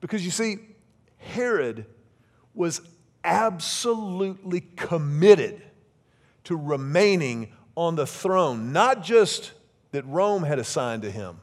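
A middle-aged man preaching a sermon to a congregation, animated and joking, drawing them in with questions. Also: a little high, slow pace. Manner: animated, joking, asks the congregation to call out answers. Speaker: pastor.

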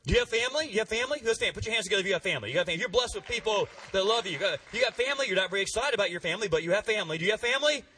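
A man preaching a sermon in a church, energetic and calling on the congregation to respond, heard from a distant mic. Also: sits high, very fast, hardly any pauses, a little hiss or hum. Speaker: pastor.

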